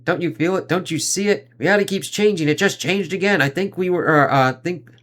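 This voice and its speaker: A man's voice: medium pitch, expressive, moderate pace, pushed and bright. A man reading aloud a comic's anxious, confused super-soldier hero, firing off worried questions. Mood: alarmed. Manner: pressing, repeated worried questions.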